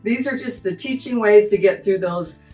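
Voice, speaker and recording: A woman's voice: medium pitch, normal speed, warm tone, roomy sound, far from the mic. A woman music teacher walking through a lesson, acting out animal sounds as she explains. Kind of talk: teaching tutorial.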